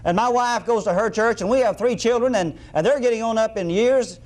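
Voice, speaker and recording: A man's voice: sits high, fairly quick, a little mellow, pitched above the performer's own voice, close to an everyday voice. A man voicing a panicked father who pleads for help. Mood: pleading. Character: panicked middle-aged father, a churchgoer.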